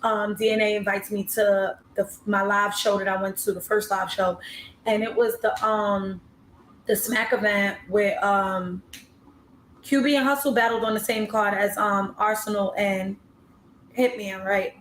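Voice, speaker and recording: A woman's voice: medium pitch, fairly even intonation, a little slow, fairly bright tone, roomy sound, slight background noise. A woman battle rapper telling her story in a casual interview, laid-back and slangy with lots of fillers.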